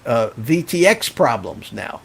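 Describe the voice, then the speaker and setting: An older man with a gravelly, slightly husky voice hosts a casual live stream. He talks in loose, rambling chat, often laughing as he reacts to comments from viewers. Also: medium pitch, big pitch swings, measured pace.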